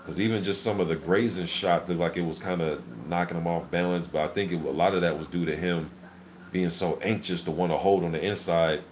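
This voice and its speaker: A man hosting a casual live boxing reaction, calling the action play-by-play in an excitable, filler-heavy way. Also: deep voice, fairly quick, slight background noise. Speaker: boxing channel host. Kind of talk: live fight commentary reaction.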